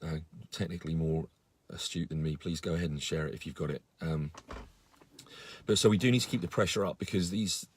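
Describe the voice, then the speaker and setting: A man's voice: deep voice, a little fast, slight background noise. A man giving a casual live-stream update to followers, earnest and indignant, with many fillers and restarts. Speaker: campaigner on a live video.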